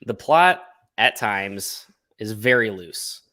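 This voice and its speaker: A man chatting as a guest on a podcast, animated and casually profane, acting out little quotes as he talks. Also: fairly low pitch, slow. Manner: animated storyteller, swears casually, acts out quotes. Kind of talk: casual chat.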